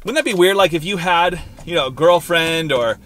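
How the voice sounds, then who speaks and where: Playful rambling man, bright voice. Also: fairly high pitch, moderate pace, slight background noise. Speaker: vlogger. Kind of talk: casual chat to camera. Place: in a car. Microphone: handheld camera.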